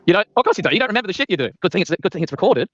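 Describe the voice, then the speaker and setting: A man's voice: high voice, sing-song, rapid-fire, fairly bright tone, no echo. A man calling in to mock and needle his opponent. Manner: mocking, needling. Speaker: caller. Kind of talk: heated call-in argument. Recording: dry lo-fi call audio.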